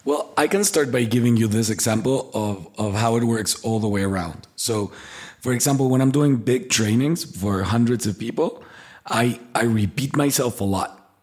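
A man's voice: medium pitch, normal speed. A man on a podcast chatting casually and animatedly, acting out the voices of the people he describes. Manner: animated storyteller, acts out quoted voices. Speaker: podcast co-host, personality trainer.

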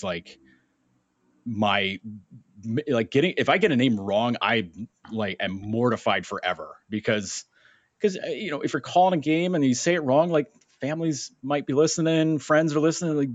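A young man co-hosting a sports podcast, telling a story in a casual, animated way and acting out the voices in it. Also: medium pitch, moderate pace, no echo. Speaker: podcast co-host. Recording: dull lo-fi sound, dry.

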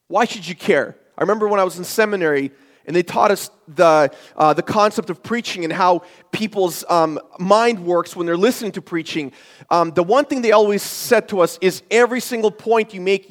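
Male pastor, very high voice, emphatic sermon delivery, long church hall reverb. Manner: emphatic, rhetorical questions, shifts between loud and hushed. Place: church sanctuary.

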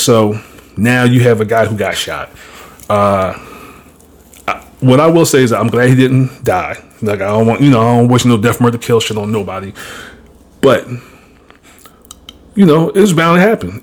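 Male podcast host, casual storyteller, blunt and profane, mid-pitched.

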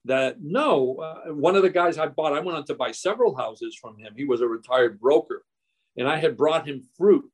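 A man in his sixties, a real estate investor being interviewed, telling quick, animated anecdotes with frequent restarts. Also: on the high side, breathy edge. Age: 60s. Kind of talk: storytelling in a podcast interview.

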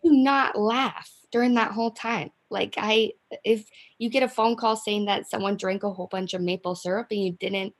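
A woman's voice: medium pitch, steady tone, normal speed, few pauses. A woman interviewer in casual chat, reacting to a guest's story with amused disbelief.

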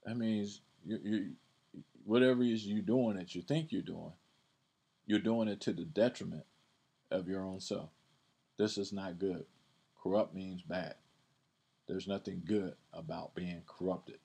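A man's voice: low voice, steady tone, a little slow, gravelly, long pauses, mellow, breathy edge. A man hosting a podcast, teaching from the Bible in a casual, conversational way, often repeating words and reading verses aloud with emphasis.

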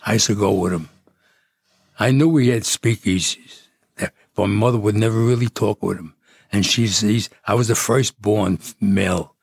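An older man rambles through stories, restarting his sentences as he goes. His voice sits low, gravelly and husky, recorded close and dry. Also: normal speed, dry recording. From Jersey City, New Jersey. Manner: rambling, with frequent restarts and chuckles. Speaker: guest. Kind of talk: casual storytelling.

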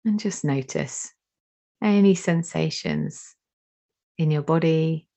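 A woman leads a guided meditation in a deep, mellow voice with plenty of vocal fry. She speaks at an extremely slow pace and leaves long, soothing pauses between phrases. The recording sounds dull and slightly lo-fi. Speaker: meditation teacher.

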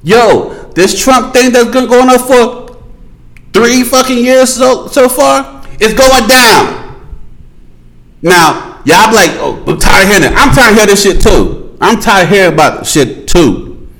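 A man's voice: very high-pitched, lively intonation, takes it slowly, a bit bright, rough recording. A man hosting a podcast, ranting in a casual, profane monologue and repeating his points for emphasis while talking straight to his listeners. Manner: addresses listeners directly with slang. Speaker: podcast host.

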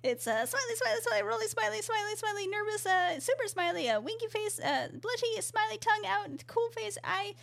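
A woman's voice: extremely high pitch, expressive, brisk, vocal fry, few pauses, fairly bright tone. A woman co-hosting a casual podcast, reading listener emails aloud in a giggly, rambling way and stumbling over her words. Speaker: podcast co-host.

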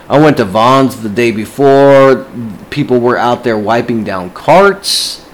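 A man's voice: medium pitch, animated, takes it slowly, low-quality recording. A man ranting casually to camera, agitated and swearing constantly.

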